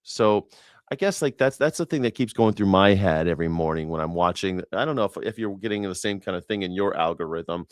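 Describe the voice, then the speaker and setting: A U.S.-based independent commentator on news and culture, this man talks fairly quickly and animatedly in a voice that sits low. His casual reaction to the news rambles with sarcasm, swearing and lots of restarts, recorded at studio quality without echo.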